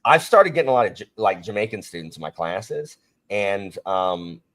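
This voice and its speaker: A man hosting a casual book discussion, talking in an animated, rambling way with frequent restarts. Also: lowish voice, moderate pace. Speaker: podcast host and teacher.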